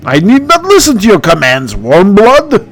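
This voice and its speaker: A man voicing a scornful undead oathbreaker spirit who speaks slowly and mockingly. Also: high voice, wildly swooping pitch, pitched above the performer's own voice, exaggerated voice. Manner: slow, sneering, mocking.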